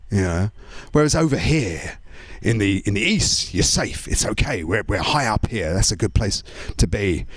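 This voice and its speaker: Male stand-up comic, animated swooping delivery, chatty with lots of tag questions, dry close sound. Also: lowish voice, no echo. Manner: chatty, leans on tag questions, frequent stammered restarts. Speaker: stand-up comedian. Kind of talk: stand-up comedy routine.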